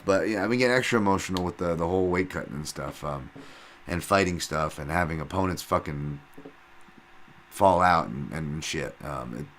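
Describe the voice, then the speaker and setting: A low-voiced man hosts his own podcast, talking casually and with plenty of profanity. He rambles with fillers and restarts and gets loud when excited, with slight background noise.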